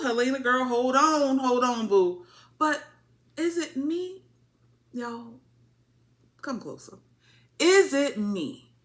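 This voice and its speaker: Woman, casual TV recap, animated, bright lively voice. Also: medium pitch. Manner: animated, playful, acts out characters in quotes. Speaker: TV show reviewer.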